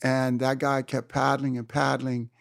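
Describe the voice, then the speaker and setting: A man in his seventies from Hawaii, an interview guest telling surf stories in an animated way and acting out his own exclamations. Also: medium pitch, a little slow, vocal fry, no room sound, studio quality. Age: 70s. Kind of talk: storytelling in a conversation. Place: room.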